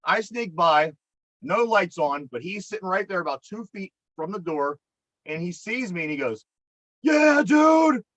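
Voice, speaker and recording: A man's voice: sits high, animated, normal speed, sharp tone, no echo. Exasperated Pittsburgh man telling a story. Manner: profane, exasperated, rambling with restarts. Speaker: podcast co-host. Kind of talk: casual storytelling. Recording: dry, dull lo-fi podcast mic.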